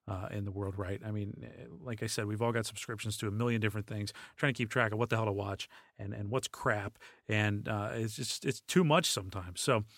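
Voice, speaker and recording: A man hosts a casual solo podcast, talking in a relaxed, rambling way with frequent fillers and restarts. His voice is mid-range, and the recording is clean studio sound with no room sound.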